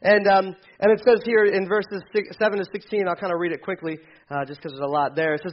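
A pastor preaching a sermon with animated storytelling, acting out the quoted lines himself. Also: male voice, sits high, lo-fi sound.

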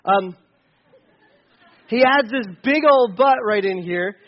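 Muffled audio captures a man with a high voice and lively intonation who takes his time preaching on a Bible passage. His conversational sermon is casual and rambling, with examples playfully acted out.

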